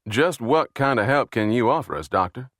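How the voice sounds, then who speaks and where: A man's voice: mid-range voice, lively intonation, moderate pace, a bit bright, no echo, clean studio sound, voice pushed up, lightly acted. A man reading the lines of a blunt, skeptical male FBI agent in an audiobook. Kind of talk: audiobook character voice.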